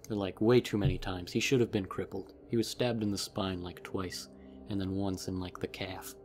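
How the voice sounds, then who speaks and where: Rambling male vlogger with a lowish voice. Casual, filler-heavy recap, faint music behind. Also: level tone, normal speed, a little mellow.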